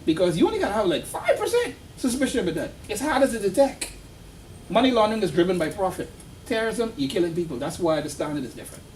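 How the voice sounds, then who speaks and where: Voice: mid-range voice, slight background noise. Instructor recorded from afar. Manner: conversational, storytelling, quizzing the class. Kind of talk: classroom lecture. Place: classroom. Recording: distant classroom recording with faint ambience.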